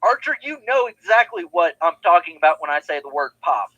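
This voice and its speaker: A man trades teasing, emphatic banter on a podcast, pressing his points with insistence. His voice is high for a man, and the sound is dry with no room around it. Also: very animated, fairly quick, a bit bright, no room sound, muffled recording. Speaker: podcast co-host. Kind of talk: casual chat.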